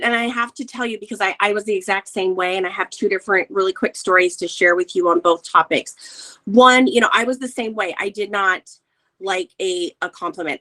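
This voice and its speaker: A woman in her forties, a wellness coach guest, telling personal stories in an earnest, emotional way. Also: medium pitch. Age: 40s. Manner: emotional, earnest, animated retelling. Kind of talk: candid personal storytelling.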